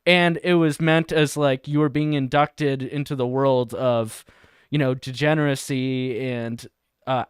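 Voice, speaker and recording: Smooth-voiced man hosting a comedy stream. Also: mid-range voice, no room sound, clean studio sound. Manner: laughing, crude, reading chat and video text aloud. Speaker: livestream host. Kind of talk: satirical livestream commentary.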